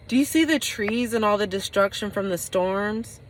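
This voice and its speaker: A woman's voice: mid-range voice, normal speed. A woman giving a casual tarot reading, rambling and correcting herself as she talks. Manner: rambling, full of fillers and self-corrections. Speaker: tarot reader.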